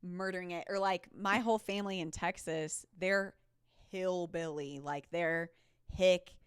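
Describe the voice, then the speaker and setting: A woman's voice: on the low side, fairly even intonation, measured pace, clear, resonant tone, dry recording, studio quality. A young woman co-hosting a faith podcast in casual, rambling chat, laughing often. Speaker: podcast co-host.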